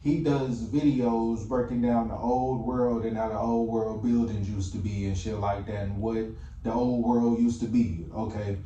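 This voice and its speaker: A man's voice: on the low side, fairly even intonation, unhurried, warm tone, highs cut off. A man rambling casually to his viewers as a vlogger, stumbling and restarting as he goes. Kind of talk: casual vlog talk. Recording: roomy, distant mic with faint hum.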